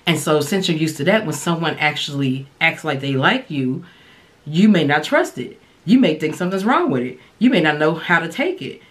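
A woman hosting a podcast, giving casual, candid dating advice and sharing her own experience in a relaxed, colloquial way. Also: deep voice, normal speed. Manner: relaxed colloquial delivery with frequent fillers. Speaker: podcast host and dating coach.

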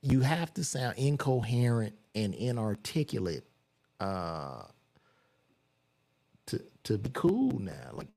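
A man's voice: medium pitch, very animated, takes it slowly, creaky, pauses often, a little mellow. A man casually reading celebrity news aloud and reacting with loose, profane commentary while he browses.

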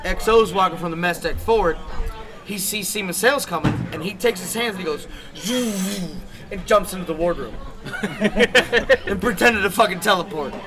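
A man's voice: high voice, moderate pace, over music. A man hosting a podcast, telling profane, laughing anecdotes among friends in casual chat. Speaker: podcast host. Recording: crowd chatter behind.

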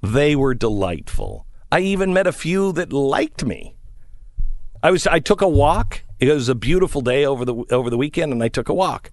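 A man's voice: on the high side, a little fast, dry recording, clean studio sound. A middle-aged man hosting a talk show, telling a story and acting out the people in it. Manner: animated storyteller, acts out the people in his story. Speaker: radio talk show host. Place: studio away from home.

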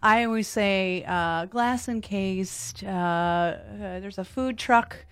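A woman hosting a casual comic chat, teasing her guest with drawn-out fillers. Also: mid-range voice, clean tone, no echo, studio quality. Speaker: host.

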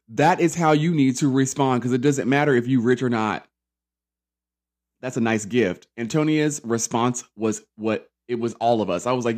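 Sassy podcast host in his thirties, mid-pitched, chatty and profane, reality-TV recap. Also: normal speed. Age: 30s. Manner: sassy, animated, profane, full of asides.

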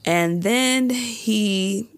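A woman's voice: mid-range voice, very slow. A woman co-hosting a podcast, casually recapping a TV episode and acting out the characters' lines. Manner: animated storytelling, acts out lines in quotes. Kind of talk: casual chat.

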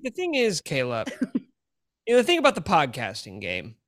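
A man's voice: fairly high pitch, wildly swooping pitch, moderate pace, a bit bright, dry recording, clean studio sound. A man co-hosting a podcast, teasing his friend in a mock-dramatic, joking way. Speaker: podcast co-host. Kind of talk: casual banter.

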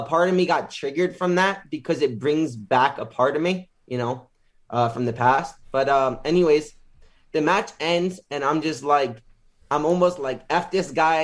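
A man being interviewed as a guest, casually retelling a story with lots of filler words and animated quotes. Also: a little high.

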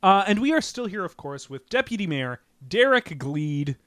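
A man's voice: high voice, moderate pace, no room sound, clean studio sound. Playful man hosting an improv podcast. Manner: playful, deadpan questioning. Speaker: podcast host. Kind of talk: improv comedy interview.

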